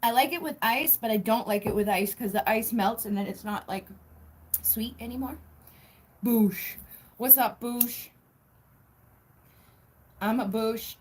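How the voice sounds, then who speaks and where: A woman's voice: fairly high pitch, a little slow, pauses often, breathy edge. A young woman hosting a tarot livestream from home, chatting casually, giggling often and swearing freely. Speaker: tarot reader livestream host. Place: home, indoors.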